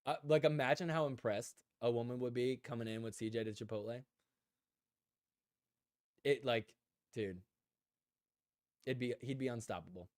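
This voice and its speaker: A young man hosting a casual live stream, telling animated stories and reading chat comments aloud, full of "like" and "dude". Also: medium pitch, normal speed, long pauses, no room sound, clean studio sound. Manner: filler-heavy, says "like" and "dude" a lot. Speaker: podcast host.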